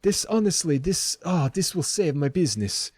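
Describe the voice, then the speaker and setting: A man's voice: fairly high pitch, big pitch swings, normal speed, a little mellow, no echo, pitched above the performer's own voice. A man voicing an eager, anxious woman shopkeeper with a put-on accent, stammering and gushing in a tabletop game. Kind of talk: tabletop role-play voice.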